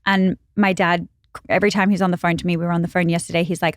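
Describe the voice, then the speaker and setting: Podcast guest: young Australian woman, low-pitched, dry studio sound, chatty. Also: level tone, no echo. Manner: chatty, storytelling, quick asides. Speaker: guest, brand founder. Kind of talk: casual chat.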